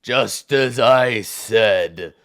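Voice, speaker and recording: A man voicing a huge, hungry, mocking male cyclops giant in a tabletop game, drawling his words slowly. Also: fairly bright tone, smooth, heavily acted. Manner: slow drawling booming delivery. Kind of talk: tabletop game role-play.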